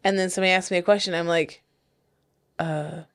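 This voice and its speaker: A woman co-hosting a casual podcast chat, playful and quick to giggle as she tells stories. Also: fairly low pitch, little pitch movement, smooth. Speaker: podcast co-host.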